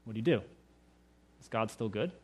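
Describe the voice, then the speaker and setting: A man's voice: fairly low pitch, animated, fairly quick, husky. A male pastor preaching a sermon in a conversational way, raising rhetorical questions to his listeners.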